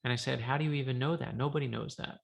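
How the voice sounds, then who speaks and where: A man, an author, telling a lively story on a video call from his home office, acting out the dialogue. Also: mid-range voice, rapid-fire, gravelly. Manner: lively anecdotal, acts out dialogue. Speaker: author guest. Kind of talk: animated storytelling.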